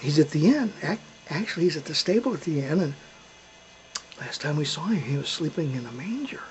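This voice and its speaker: A man voicing a group of shepherds who shout sharp challenges, then speak plainly and kindly. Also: fairly high pitch, lively intonation, fairly quick, a little hiss or hum, pitched below the performer's own voice, close to an everyday voice, low-quality recording. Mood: friendly. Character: rough, wary group of shepherds.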